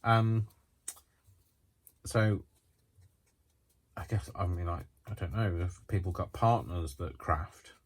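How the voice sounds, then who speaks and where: Deep and breathy, this man's voice moves slowly with frequent pauses. He's a craft vlogger chatting to the camera mid-project, meandering and unsure, full of ums and restarts, yawning regularly as he goes.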